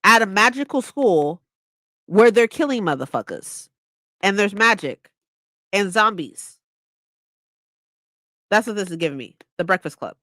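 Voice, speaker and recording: A young woman chatting casually about a book she's reading, excitable, swearing often and acting out lines. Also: medium pitch, unhurried, pauses often, dry recording, clean studio sound. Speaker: streamer hosting a reading session.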